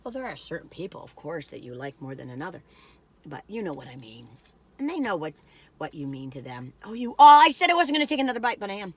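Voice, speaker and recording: A woman's voice: on the low side, very animated, quick pace, husky. A middle-aged woman chatting casually in a meandering, folksy way while reviewing food. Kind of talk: casual rambling chat.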